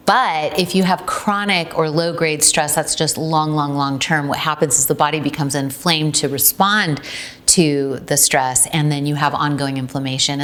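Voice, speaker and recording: Chatty low-voiced woman with many ums. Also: a bit bright. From Ukraine. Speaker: tea company founder demonstrating a recipe. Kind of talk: casual recipe demo.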